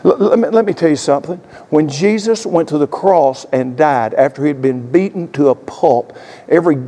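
A male pastor preaching a sermon, telling a story dramatically and swinging between loud and hushed delivery. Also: a little high, moderate pace, big-room sound.

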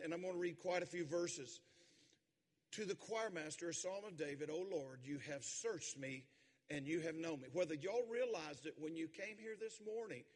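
Preacher guy, highish voice, goes quiet then loud, church sermon with long hall echo. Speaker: pastor. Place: church sanctuary.

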